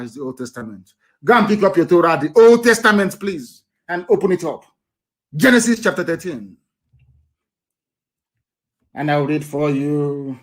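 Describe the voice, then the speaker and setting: A Nigerian-accented man with a fairly high voice preaches on a live broadcast. He lectures with scorn, reads scripture slowly, and swings between loud bursts and soft asides. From eastern Nigeria. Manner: reads Bible verses aloud slowly, pausing and restarting. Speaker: activist broadcaster.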